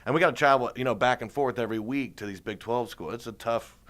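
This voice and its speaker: A male comedian in casual conversation, his voice bright and ringing. He tells stories with energy and often breaks into laughter. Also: medium pitch, fast. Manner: animated storyteller, laughs often. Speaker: stand-up comedian, interview guest. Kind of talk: casual interview chat.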